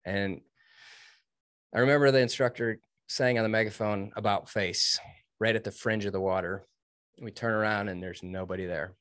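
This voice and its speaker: A man in his thirties with a lowish voice tells a story in an interview, earnest and emphatic. He often slips into quoting himself and others. The sound is dry and close, with no room around it. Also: a bit bright, dry recording. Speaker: guest, Navy veteran.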